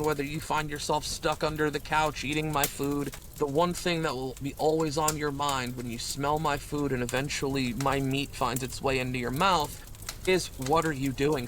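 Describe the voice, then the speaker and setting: A man in a comedic improv interview, the guest chef, telling crude stories in a deadpan way. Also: a little high, a little hiss or hum.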